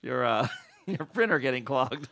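A man's voice: mid-range voice, lively intonation, normal speed, fairly bright tone. A man hosting a casual podcast, joking and laughing often with his co-hosts. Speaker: podcast host. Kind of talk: casual chat.

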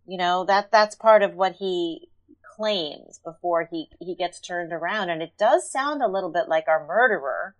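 A woman's voice: on the low side, normal speed, dull audio. A woman co-hosting a podcast, talking casually and thoughtfully about a TV episode, with many fillers. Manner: thoughtful, analytical, with frequent fillers. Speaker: podcast co-host. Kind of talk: casual chat recapping a TV episode.

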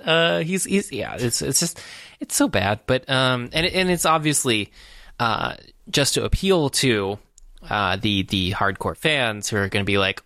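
A man's voice: mid-range voice, animated, unhurried, creaky, pushed and bright, dry recording, clean studio sound. A man co-hosting a podcast, casually retelling a movie's plot in a rambling way, full of uhs and restarts. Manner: rambling, filler-heavy storytelling. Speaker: podcast co-host. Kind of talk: casual movie recap chat.

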